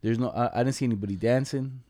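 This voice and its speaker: A man's voice: medium pitch, fairly even intonation, fast talker, dark tone. A young man casually telling a rambling, slangy story to a friend, laughing along and quoting others in put-on voices.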